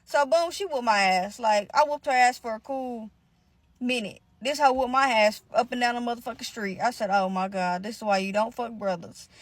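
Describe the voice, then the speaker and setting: Animated, foul-mouthed young woman telling a story. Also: a little high, moderate pace, no echo. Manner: animated, profane, acts out quotes. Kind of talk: casual storytime monologue.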